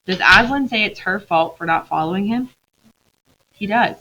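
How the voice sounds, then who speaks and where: A woman teacher reading a novel aloud to her class, expressive, pausing to quiz the students. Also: mid-range voice, dull audio.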